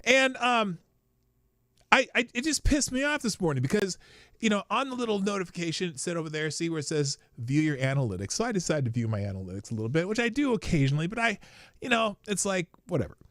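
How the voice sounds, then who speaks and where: A man hosting his own livestream show, talking casually in a rambling way with many restarts and sudden shouted bursts. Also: high voice, sing-song, fast talker, dry recording, clean studio sound. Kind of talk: casual solo livestream talk. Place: small home studio.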